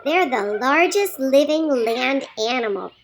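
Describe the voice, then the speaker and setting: A woman voicing a cheerful little girl puppet who teaches words in a slow, sing-song, encouraging way in a children's puppet lesson. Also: high-pitched, animated, a little hiss or hum.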